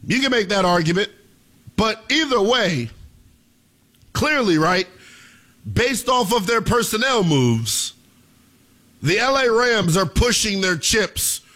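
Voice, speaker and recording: A young man with a high voice hosts sports talk radio, performing a theatrical monologue and repeatedly addressing listeners as ladies and gentlemen.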